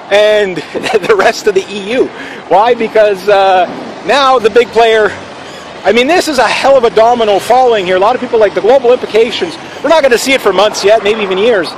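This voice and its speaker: A man talks to the camera in a casual, opinionated monologue, his voice sitting high for a man. He rambles, restarts sentences and leans on fillers as he makes his case. A faint hum of background noise sits under him. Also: rough recording. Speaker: vlogger.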